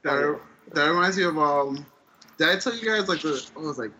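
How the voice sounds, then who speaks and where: A man's voice: a little high, fairly quick, a crowd in the background. A man co-hosting a casual podcast, telling a story in a loose, rambling way. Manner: loose, rambling, full of fillers. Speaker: podcast co-host. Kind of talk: casual chat. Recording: dull lo-fi audio with faint room ambience.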